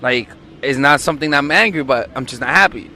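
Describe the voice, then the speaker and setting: A man's voice: mid-range voice, fast, bright, forceful tone, slight background noise. A young man coaching on dating, blunt and profane, acting out quoted lines. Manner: profane, emphatic, acts out quotes. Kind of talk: blunt dating advice monologue.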